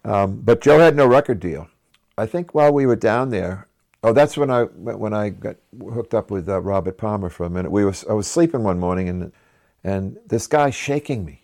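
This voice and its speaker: A man's voice: fairly low pitch, expressive, moderate pace, darkish tone. A man, a musician guest on a radio show, casually telling stories from touring, chatty and laughing often. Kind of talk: casual anecdotal storytelling.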